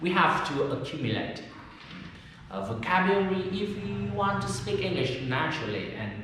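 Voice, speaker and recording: A man with a Vietnamese accent teaching English pronunciation, speaking slowly and carefully and repeating words as drills. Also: high voice, big pitch swings, fairly bright tone, heavy reverb, long reverb tail, distant mic, slight background noise, low-quality recording. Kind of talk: pronunciation lesson talk.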